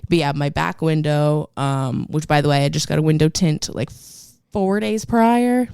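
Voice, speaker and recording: A woman co-hosting a podcast, telling a story in a rambling, animated way full of fillers. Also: deep voice, normal speed, creaky, clean tone, no echo, clean studio sound. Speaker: podcast co-host. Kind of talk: casual storytelling chat.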